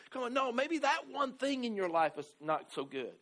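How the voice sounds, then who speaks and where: A man preaching a sermon, moving between quiet conversational asides and loud emphatic declarations, often adding "right?" and "amen". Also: extremely high pitch, very animated, moderate pace, hardly any pauses. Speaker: pastor.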